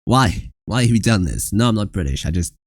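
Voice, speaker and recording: A vtuber reacting to cooking clips in casual, rambling commentary with sudden bursts of yelling. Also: deep voice, expressive, brisk, no echo, studio quality.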